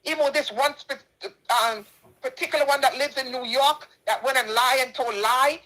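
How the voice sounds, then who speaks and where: Her voice sits high, pushed and bright, at a moderate pace on a low-quality recording. The speaker is a middle-aged Jamaican woman and charity donor, responding to a dispute with an impassioned personal statement, indignantly hammering the same points again and again.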